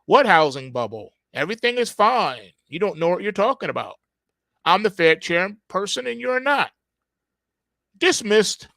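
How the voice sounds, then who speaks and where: A man's voice: high voice, sing-song, normal speed, vocal fry, pushed and bright, no room sound, clean studio sound, heavily acted. A man playing a smug, dismissive Fed chairman. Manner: curt, brushing off questions.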